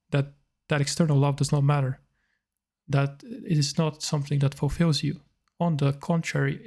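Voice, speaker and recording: A man speaks in a reflective monologue, thinking aloud with hesitant pauses. His voice is a touch higher than most men's and has a gravelly, creaky edge. He keeps his tone level, with little rise and fall. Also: darkish tone. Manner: thoughtful, hesitant, musing aloud. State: slightly tearful.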